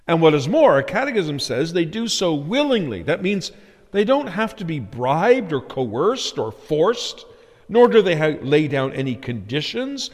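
A man preaching a sermon as pastor, earnest and building emphasis on key phrases, in a church sanctuary. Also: on the high side. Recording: long hall reverb.

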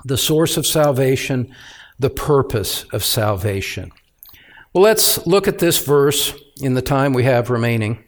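A man preaching an expository sermon as pastor, speaking deliberately and with emphatic repetition. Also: medium pitch, animated.

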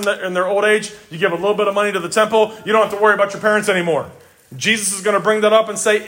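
A man's voice: high voice, a bit bright. A man preaching a sermon, emphatic, repeating words for stress and addressing his listeners directly. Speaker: pastor.

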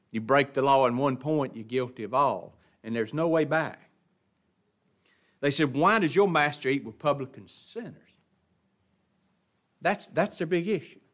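A man teaching an adult Bible class, speaking in a folksy, emphatic way with chuckles and repeated words. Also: medium pitch. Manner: folksy, emphatic preaching with laughs and repetitions. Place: church classroom.

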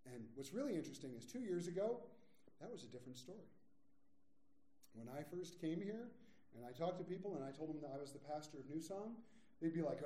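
A man in his forties delivers a sermon with a lively, swooping delivery, his voice mellow and slightly higher than most men's. He talks casually, as if chatting with the congregation, and acts out little quotes along the way. The sound rings around an echoey church hall. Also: a little fast. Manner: conversational storytelling with acted quotes. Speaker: pastor. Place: church sanctuary.

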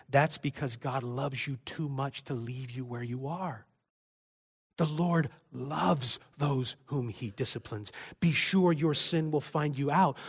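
A male pastor delivers a sermon in a church, his voice sitting a little higher than most men's. He drops into hushed, intimate stretches, then rises to loud, impassioned appeals.

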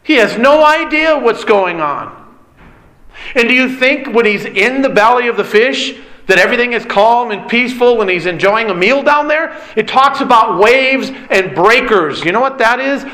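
A man's voice: very high voice, animated, moderate pace, bright, forceful tone, poor audio. A male preacher giving an emphatic sermon, repeating key phrases and putting questions to his listeners.

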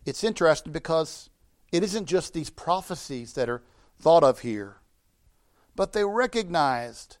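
A middle-aged pastor with a fairly high voice preaches from the pulpit. He builds to emphatic, ringing declarations, then lets his phrases sink low and quiet. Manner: rising to emphatic preaching, dropping low and soft at phrase ends. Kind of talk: sermon.

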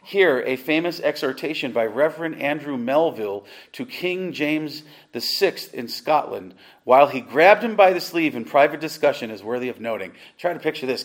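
This is a middle-aged man teaching a class as a pastor, his voice sitting at an ordinary middle pitch. He lectures with strong emphasis. He often breaks off into loose, rambling asides and then returns to the material.

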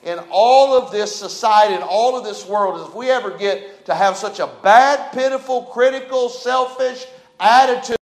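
A man's voice: very high-pitched, moderate pace, roomy sound. A man preaching a sermon in an emphatic style, reading scripture and pressing his point. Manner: emphatic, preaching with Bible verses and a short prayer.

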